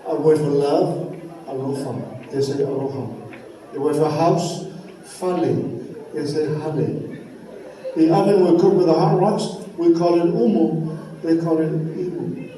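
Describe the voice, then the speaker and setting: A man's voice: a little high, measured pace, dark tone. A man from Samoa, hosting a live cultural stage show, joking and leading the crowd in call-and-response. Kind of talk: live stage presentation to an audience. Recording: echoey venue, distant mic, background noise.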